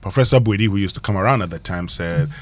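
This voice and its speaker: A man's voice: low-pitched, quick pace. A man with a Ghanaian English accent hosting a morning radio show in a studio, explaining things with frequent laughs. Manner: explanatory, laughs often between points. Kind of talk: radio morning show chat and pronunciation segment.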